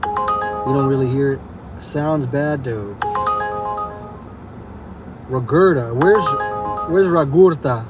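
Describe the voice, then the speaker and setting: A man's voice: medium pitch, slow pace, pauses often. Man, casual rideshare streamer, swearing and annoyed, in-car, background music. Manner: profane, irritated rant. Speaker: livestreamer driving for rideshare. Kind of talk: casual livestream chat from a car.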